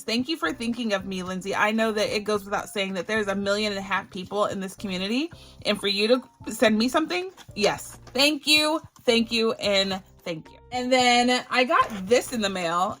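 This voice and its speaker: A woman's voice: mid-range voice, a bit bright. A woman from Barbados hosting a budgeting channel, chatting through a casual unboxing vlog in a bubbly, effusive way and gushing with thanks.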